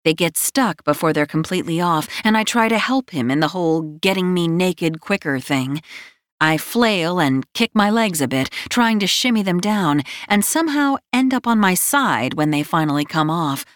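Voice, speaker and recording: A woman's voice: lowish voice, expressive, normal speed, no room sound. A woman narrating a first-person romance audiobook in a wry, self-mocking storytelling manner, close to the mic.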